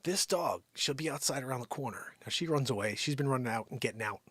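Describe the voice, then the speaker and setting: A man hosting his own daily live stream from home, rambling and joking, jumping from loud bits to whispered asides. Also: mid-range voice, lively intonation, fast, breathy edge, dry recording. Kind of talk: unscripted comedic live-stream chat.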